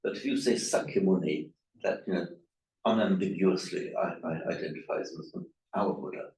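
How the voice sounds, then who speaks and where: A man teaching a language class, correcting his students' pronunciation in a halting, repetitive way. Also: low-pitched, a little mellow. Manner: hesitant, repeats words, corrects pronunciation. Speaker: Pali teacher. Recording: echoey room, mic far off.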